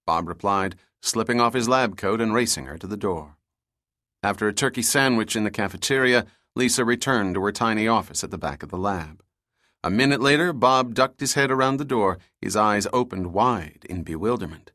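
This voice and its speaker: A man's voice: on the low side, dry recording. Man narrating a novel, dry studio. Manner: steady, measured storytelling. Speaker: audiobook narrator. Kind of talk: scripted narration.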